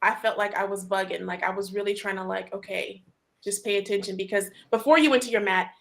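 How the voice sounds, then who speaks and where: A woman hosting a casual group chat, telling a story in an animated way, full of fillers and laughter. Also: mid-range voice, brisk, vocal fry. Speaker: host.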